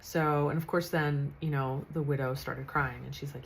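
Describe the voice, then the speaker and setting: A woman's voice: low voice, fairly even intonation, moderate pace, creaky, few pauses, slight background noise, rough recording. A woman in her fifties, a psychic medium telling a story in a chatty, earnest way with frequent restarts. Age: 50s. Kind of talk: casual storytelling monologue.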